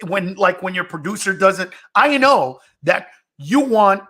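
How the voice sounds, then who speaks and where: A man's voice: sits high, very animated, unhurried, sharp tone, husky. A young male comedian, a guest on a talk show, telling stories in an emphatic, insistent and profane way. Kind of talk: animated comedic storytelling.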